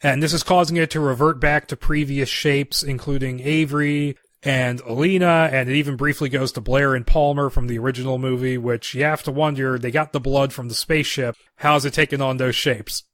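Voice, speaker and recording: A man's voice: medium pitch, fairly even intonation, brisk, few pauses, a bit bright, no room sound, studio quality. A man hosting a podcast, recapping a plot casually in long run-on sentences. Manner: run-on storytelling, chained "and"s. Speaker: podcast host.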